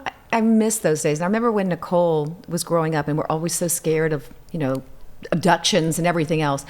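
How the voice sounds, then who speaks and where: Middle-aged Cajun woman, interview guest, lowish voice, animated storyteller. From Louisiana. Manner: animated storyteller, acts out quotes with big pitch jumps. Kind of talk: casual interview chat.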